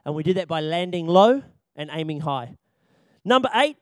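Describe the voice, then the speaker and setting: Leading a church training session on children's ministry, this young man is animated and full of jokes, laughing often and repeating key points for emphasis. His pitch is fairly high, his pace moderate, and the recording dry.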